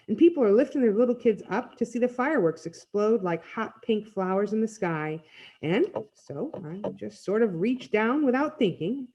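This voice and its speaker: A woman reading a storybook aloud in first person, with expressive storytelling. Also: fairly high pitch, lo-fi sound. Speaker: reader. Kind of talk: read-aloud storybook narration.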